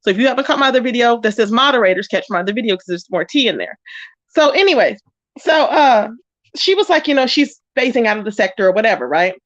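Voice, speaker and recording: A woman doing casual gossip commentary in a sassy, animated way, greeting her chat viewers. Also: a little high, fast, dry recording, lo-fi sound. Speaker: commentary vlogger.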